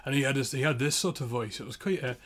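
Husky-voiced male podcast co-host, rambling joking storyteller, chatting at home. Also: medium pitch, fast, a bit bright. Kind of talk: casual chat.

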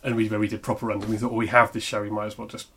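A man, co-hosting a podcast and telling anecdotes in a lively way, acting out what people said. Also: fairly low pitch, rapid-fire, a loud crowd. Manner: animated anecdote teller, acts out quotes. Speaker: podcast co-host. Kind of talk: casual podcast chat, storytelling.

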